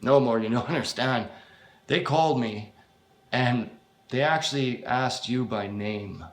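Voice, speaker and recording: A man's voice: medium pitch, unhurried, lightly acted. A man voicing a weary, desperate male friend who pleads hesitantly and swears as he pushes a job offer. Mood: urging.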